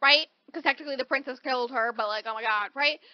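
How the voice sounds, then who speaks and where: A woman with a high voice retells a novel's plot on a podcast in fast, animated chatter, tossing in "like" and "right?" and the odd casual curse. The sound is dry with no room echo and a little muffled, as from a modest home setup. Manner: animated storytelling, peppered with "like" and "right?"; swears casually. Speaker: podcast co-host. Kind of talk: casual book recap chat.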